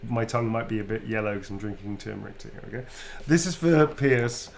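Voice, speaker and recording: A man's voice: lowish voice, fairly quick, vocal fry, slight background noise. A man signing autographs on a livestream, chatting in a playful, easygoing way and laughing easily. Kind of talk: casual live chat.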